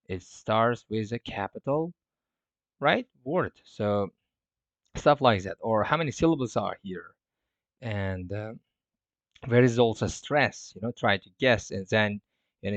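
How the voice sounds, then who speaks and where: Male teacher, lowish voice, casual rambling explainer, dry muffled recording. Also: dry recording. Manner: loose, filler-heavy, self-correcting. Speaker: English teacher. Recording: dull, dry lo-fi sound.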